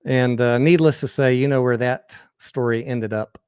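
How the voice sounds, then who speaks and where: A man's voice: medium pitch, fairly even intonation, moderate pace, a little mellow, clean tone, no room sound, studio quality. Candid rambling American man telling stories. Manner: candid, rambling, crude anecdotes with frequent restarts. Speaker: host. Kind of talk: casual storytelling on a livestream.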